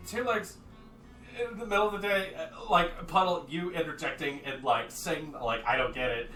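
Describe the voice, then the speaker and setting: A man narrating as game master of a tabletop game, lively and quick to jump into shouting voices for the figures. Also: sits high, faint music behind. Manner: animated, jumps into shouted character voices. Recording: echoey room from far off, faint noise.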